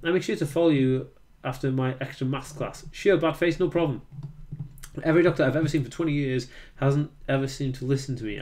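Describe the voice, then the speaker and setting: A young man with a North Welsh accent hosts a casual livestream, reading viewer comments aloud and answering each one. He talks in a chatty, easygoing way, with plenty of ums and restarts. His voice sits at an ordinary middle pitch for a man. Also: a little mellow. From Wales. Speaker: livestream host reading chat.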